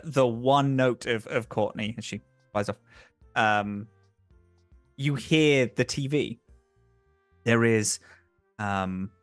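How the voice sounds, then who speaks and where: A man's voice: medium pitch, a bit bright, no room sound. A man running a tabletop game as game master, narrating in a rambling way with many fillers. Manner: rambling, lots of fillers, laughing asides.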